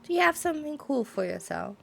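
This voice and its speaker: A woman's voice: sits high, very animated, fairly quick, vocal fry, faint music behind. A young woman streamer chatting casually, giggling often and rambling through her stories. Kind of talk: casual chat on a game stream.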